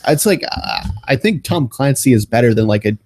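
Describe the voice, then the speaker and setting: A man's voice: medium pitch, lively intonation, normal speed, a little mellow, a little hiss or hum. A young man co-hosting a casual movie review podcast, with dry, blunt quips. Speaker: podcast co-host.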